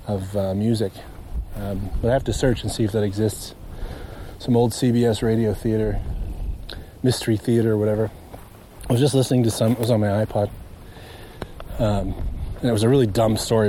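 Man, mellow dark voice, casual meandering talk, outdoors in a marsh, recorder while walking, faint outdoor ambience. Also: lowish voice, a little hiss or hum. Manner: meandering, chatty, self-amused. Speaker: nature walk vlogger. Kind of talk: casual rambling monologue.

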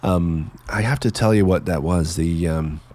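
A man's voice: sits low, moderate pace, darkish tone. A man from Canada hosting his podcast in casual, chatty talk, laughing easily and sounding enthusiastic. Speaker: podcast host.

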